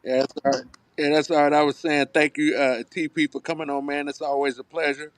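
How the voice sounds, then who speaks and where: Easygoing panelist, dry close sound. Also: male voice, fairly high pitch, level tone, brisk, no echo. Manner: easygoing, rambling. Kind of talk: casual panel chat.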